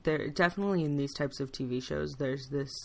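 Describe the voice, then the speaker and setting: A woman co-hosting a podcast in casual chat, animated and quick to laugh. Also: deep voice, gravelly. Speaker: podcast co-host.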